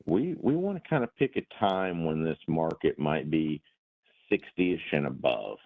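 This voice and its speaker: A man with a very low, deep voice explains trading indicators in a folksy, plain-spoken way, often repeating a word as he finds his footing. His voice comes through a thin, phone-like line. He uses homespun comparisons to make each point. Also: sing-song, measured pace. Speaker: meeting host. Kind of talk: webinar discussion.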